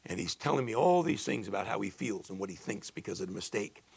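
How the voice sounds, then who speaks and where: A man in his sixties preaching a sermon, building to emphatic peaks and dropping low and confiding when he tells stories. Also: lively intonation, fast talker, creaky, slightly rough, no echo. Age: 60s. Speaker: pastor.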